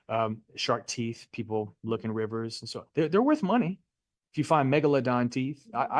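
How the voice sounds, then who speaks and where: A man's voice: mid-range voice, no echo, clean studio sound. A middle-aged man teaching a live real estate license class in a Florida classroom, chatty and jokey, often quizzing his students.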